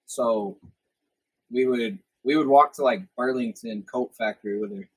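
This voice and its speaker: A young podcast host rambles through stories from his youth, swearing a lot in casual chat. His voice is on the low side and husky, a little slow, and the recording sounds rough.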